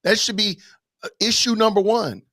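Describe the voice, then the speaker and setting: A man's voice: high-pitched, moderate pace, fairly bright tone, dry recording. A man taking part in a live online panel discussion over a video call, arguing emphatically with many rhetorical questions. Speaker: panel guest.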